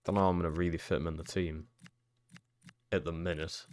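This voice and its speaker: A young man streaming a football career game, chatting casually and swearing freely, jumping into loud excited shouts at big moments. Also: deep voice, fairly quick. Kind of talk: live-streamed gameplay commentary.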